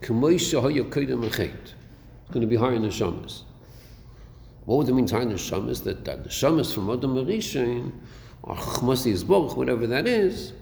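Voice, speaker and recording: In a mid-range, gravelly, darkish voice with a sing-song quality, a male Torah teacher lectures at a moderate pace on a Chassidic text. He asks rhetorical questions and mixes Hebrew terms into his English, captured in an echoey hall with faint noise.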